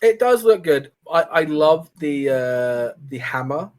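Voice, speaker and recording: A man's voice: on the high side, expressive, slow pace, darkish tone. A man co-hosting a casual gaming podcast, joking around as he reads patch notes aloud. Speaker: podcast co-host.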